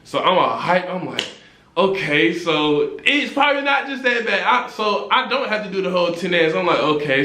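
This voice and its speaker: A young man spins a casual storytime in heavy street slang. His voice sits mid-range and jumps higher when he gets worked up. The room around him is bare and echoey. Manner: animated slangy storytelling, rising when indignant. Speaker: vlogger.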